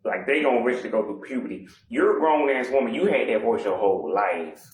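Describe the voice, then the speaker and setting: A man's voice: medium pitch, lively intonation, fast. A man ranting bluntly and profanely in casual chat. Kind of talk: casual rant. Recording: echoey room with faint noise.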